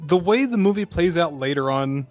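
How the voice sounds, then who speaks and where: A man's voice: a little high, lively intonation, normal speed, muffled recording, soft background music. A man co-hosting a podcast, chatting casually about a movie and leaning on lots of filler words. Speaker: podcast co-host. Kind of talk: casual movie-recap chat.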